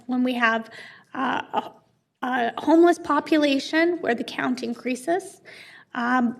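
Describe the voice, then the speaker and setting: A woman's voice: sits high, vocal fry. A woman in her thirties with a Canadian accent, a city councillor speaking earnestly at a council meeting with many fillers and restarts.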